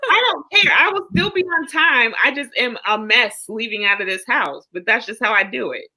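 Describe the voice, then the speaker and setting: Bright, lively woman chatting on a stream. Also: fairly high pitch, normal speed. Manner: animated storytelling, laughs often, reads out chat comments. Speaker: livestream co-host. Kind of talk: casual chat.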